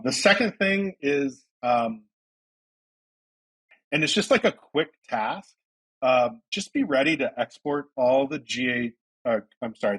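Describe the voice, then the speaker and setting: A man from Ohio talking as a guest on a podcast, explaining things in a loose, relaxed way full of fillers. His voice is mid-pitched and a bit husky. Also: rough recording. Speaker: guest, company founder. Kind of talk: casual interview chat.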